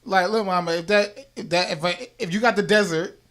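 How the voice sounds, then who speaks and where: A young man hosting a casual podcast chat, telling stories in a relaxed way and laughing often. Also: fairly quick. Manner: laid-back storytelling, low-key, laughs often. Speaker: podcast host.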